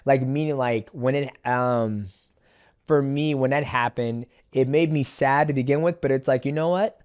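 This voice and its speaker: A former fighter hosting a podcast, talking loosely and at middle pitch. His speech rambles and restarts often, full of fillers as he chats casually with his guest. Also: normal speed, darkish tone, clean tone. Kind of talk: casual interview chat.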